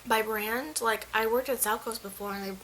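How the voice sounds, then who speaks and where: A woman's voice: fairly high pitch, fairly even intonation, moderate pace, fairly bright tone, slight background noise, rough recording. A young woman venting in a casual vlog, retelling a story in a chatty, frustrated way and filling it with "like" and quoted lines. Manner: chatty, heavy use of "like", quotes others mid-story. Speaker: vlogger.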